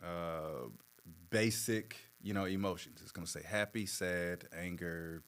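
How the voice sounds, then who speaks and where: A man working as a therapist, explaining in a measured, patient way with plenty of fillers. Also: deep voice, steady tone, fairly bright tone. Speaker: therapist guest. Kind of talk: conversational explanation.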